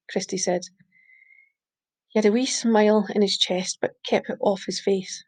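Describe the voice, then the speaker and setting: A woman reading a short story aloud, steady, with small slips she corrects. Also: medium pitch, normal speed, pauses often. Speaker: reader. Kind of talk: audiobook reading.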